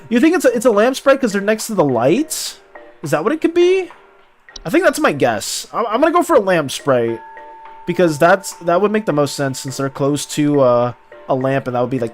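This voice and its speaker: Lively chatty game streamer. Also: medium pitch. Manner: chatty, reads game text aloud, talks to chat. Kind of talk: casual game commentary.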